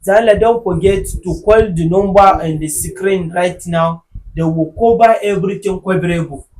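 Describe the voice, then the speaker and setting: A man with a Nigerian accent hosting a podcast in casual chat, joking and animated, sometimes bursting into shouts. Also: high-pitched, moderate pace, a little hiss or hum, low-quality recording. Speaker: podcast host.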